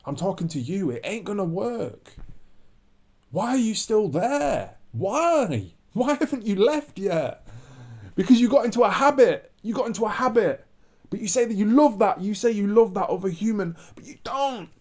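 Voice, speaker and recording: High-voiced man preaching in a rant. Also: sing-song, moderate pace, a little mellow. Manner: preachy, repetitive, emphatic. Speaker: vlogger. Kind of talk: ranting monologue.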